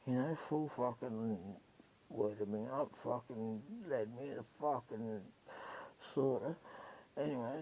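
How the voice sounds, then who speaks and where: A woman's voice: a bass voice, slow, dark tone, slight background noise, poor audio. An Australian woman telling a personal story in a casual monologue, rambling, swearing freely and emotionally raw.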